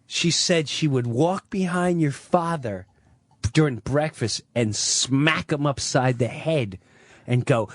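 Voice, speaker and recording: A man's voice: a little high, slow pace, no room sound. A man telling a long personal story on a talk radio show, acting out what other people said. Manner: animated, acts out quoted voices.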